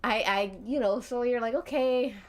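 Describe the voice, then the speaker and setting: A woman's voice: mid-range voice, animated, takes it slowly. A woman narrating a tabletop game as game master on a live stream, giggling often between lines. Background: faint background music.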